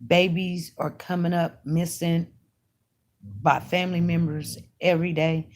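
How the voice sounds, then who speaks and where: Slow-talking woman telling a story. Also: fairly low pitch, level tone, a little mellow. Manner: chatty, emphatic, talks straight to her audience. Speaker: online news commentator. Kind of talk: casual storytelling to viewers.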